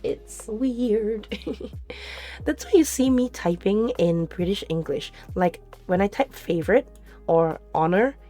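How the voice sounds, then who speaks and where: A woman's voice: mid-range voice, expressive, slow, warm tone. A woman streamer chatting casually with her live chat, giggling often and answering questions as they come. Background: faint background music.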